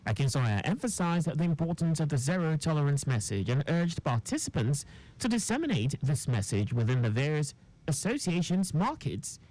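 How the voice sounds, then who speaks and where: A newsreader, reading a radio news bulletin in a formal, measured way. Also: medium pitch, low-quality recording. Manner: formal, measured read with lively intonation.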